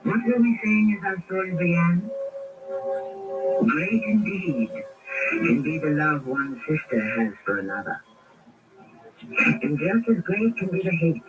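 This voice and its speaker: A man hosting an old radio drama, giving a measured, theatrical narration between acts. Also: high-pitched, expressive, over loud music. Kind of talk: scripted narration. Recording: old radio broadcast, distant mic, hiss.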